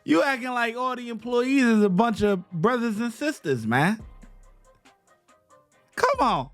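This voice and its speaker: Male reaction host, high-voiced and unhurried, slangy jokes, dry sound. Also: lively intonation, fairly bright tone, dry recording, soft background music. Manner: laid-back, joking, talks in slang. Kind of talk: casual reaction commentary.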